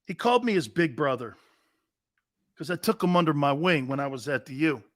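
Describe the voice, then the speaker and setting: A middle-aged man hosting a sports talk show, rambling and telling stories with loud bursts and laughter. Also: fairly high pitch, a little fast, dry recording, clean studio sound. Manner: loud, excitable, storytelling with bursts of shouting and laughter.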